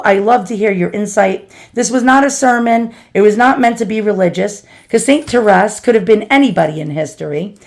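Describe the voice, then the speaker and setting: A woman's voice: mid-range voice, vocal fry. A middle-aged woman vlogger telling a personal story, chatty and earnest, calling her listeners boys and girls. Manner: earnest, confessional.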